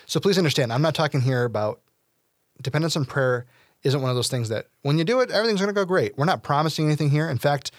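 A man's voice: on the high side, fast talker, no room sound, studio quality. A man hosting a casual faith discussion, talking earnestly at length with playful asides.

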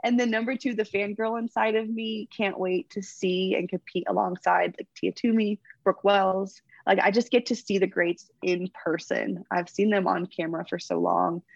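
A young woman athlete being interviewed, chatting warmly and gushing, getting emotional as she talks about her faith. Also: mid-range voice, fairly even intonation, moderate pace, vocal fry, few pauses, no echo, lo-fi sound. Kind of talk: casual interview.

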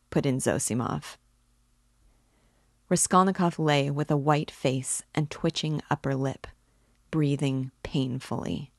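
A woman reads a classic novel aloud at a measured, unhurried pace. Her voice is low. The recording is close and dry. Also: vocal fry, darkish tone, no echo. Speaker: book club reader.

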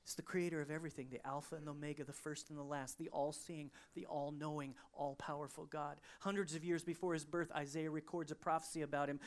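A woman preaching a sermon as pastor, swinging from soaring proclamation to hushed, intimate prayer at a church service. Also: deep voice, fairly even intonation, fast talker, hardly any pauses.

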